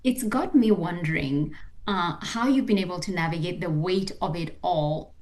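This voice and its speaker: A woman's voice: fairly low pitch, normal speed, a little mellow. A woman hosting a podcast interview, affirming her guest and building her points with emphasis. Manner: emphatic, affirming, talks in long building thoughts. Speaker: podcast host. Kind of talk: conversational interview.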